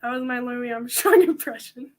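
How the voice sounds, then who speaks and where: Young woman hosting a panel, high bright voice, rambly and self-mocking, super casual. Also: normal speed. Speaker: convention panel host. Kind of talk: casual chat to an audience.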